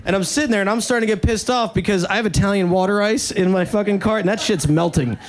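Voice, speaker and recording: Profane, laid-back stand-up comic. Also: male voice, high-pitched, quick pace. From New York. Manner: casual, profane and self-mocking, with many "like" fillers. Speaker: stand-up comedian. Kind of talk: stand-up storytelling.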